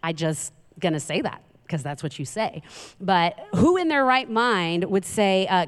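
Woman pastor, mid-pitched, talky sermon delivery with lots of "right?", long reverb from a big hall. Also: normal speed. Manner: conversational, animated, many rhetorical questions.

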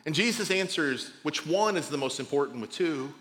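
A man preaching a sermon as pastor, talking informally and swinging between loud emphasis and quiet drops. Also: a little high, animated, normal speed, in a large hall. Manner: conversational, informal asides.

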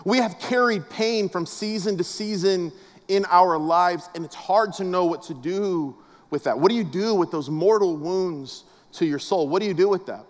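A man's voice: high-pitched, moderate pace. A man preaching a casual, humorous sermon, telling family stories with a preacher's cadence. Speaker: pastor. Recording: long reverb of a large hall.

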